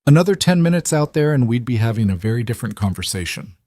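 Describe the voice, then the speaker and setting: Brief: calm, capable young woman, voiced by a man, gentle but firm, a bit higher than his own voice, dry. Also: quick pace, dry recording. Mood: reassuring.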